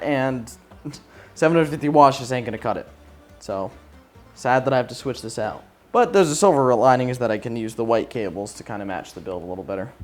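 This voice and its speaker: Sarcastic, swearing man building a PC. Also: mid-range voice. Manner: profane, sarcastic, frustrated rants. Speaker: tech YouTuber. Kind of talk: casual PC build vlog.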